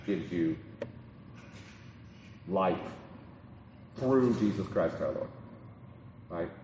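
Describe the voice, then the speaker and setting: A man's voice: deep voice, darkish tone, a little hiss or hum. A man preaching a sermon in a conversational way, with many ums, restarts and repeated "right?". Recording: roomy hall from a distance.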